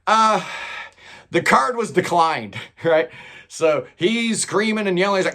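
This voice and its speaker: A middle-aged man telling stories in a chatty, animated way, often saying "man". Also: sits high, normal speed. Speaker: channel host telling celebrity stories. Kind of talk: casual storytelling monologue.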